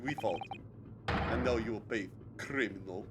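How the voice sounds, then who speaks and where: A man's voice: fairly low pitch, moderate pace, very noisy, voice pushed down, natural voice. A man voicing a stern male ship officer, speaking in menacing, broken phrasing.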